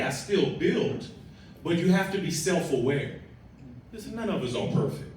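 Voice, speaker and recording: A man's voice: a little high, a little hiss or hum. A man leading a team talk, speaking directly and instructively to his audience. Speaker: team leader interviewing a partner. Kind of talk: motivational talk to a live audience. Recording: echoey room from far off, faint crowd.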